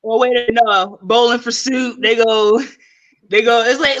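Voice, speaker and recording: Bright-voiced woman doing loose stand-up on a call. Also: on the high side, a little slow, muffled recording. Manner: rambling, laughing, swearing, loose and playful. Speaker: stand-up comedian. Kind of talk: casual stand-up on a video call. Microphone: video call.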